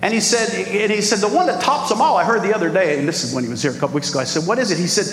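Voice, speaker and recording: Pastor, male, animated sermon with call-outs, higher voice, echoey hall. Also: very fast. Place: large church hall. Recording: echoey hall with background noise.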